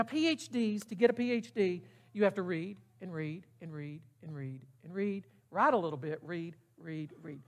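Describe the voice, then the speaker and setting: A man's voice: high voice, a bit bright. A middle-aged man preaching a sermon in a casual, emphatic way, often putting questions to the congregation. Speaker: pastor.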